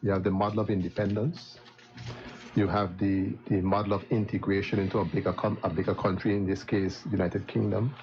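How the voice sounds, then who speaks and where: A man, an opposition politician, speaking at a live event, measured and building into indignation. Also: deep voice, level tone. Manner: measured, then rising to heated indignation. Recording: dull lo-fi sound with clear background noise.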